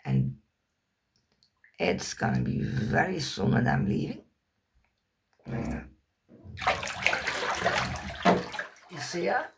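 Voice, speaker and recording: A woman's voice: deep voice, huge pitch swings, takes it slowly, gravelly, long pauses, slight background noise. A woman whose first language is Dutch, telling a personal story in English in a candid, rambling way, swearing casually and searching for words.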